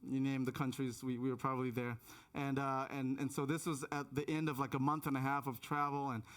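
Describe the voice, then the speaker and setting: A man in his thirties preaching a sermon in a church, telling a personal story with frequent restarts and hushed moments for suspense. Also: mid-range voice, flat delivery, fairly quick. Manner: many restarts and repeated words. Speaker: pastor. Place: church auditorium.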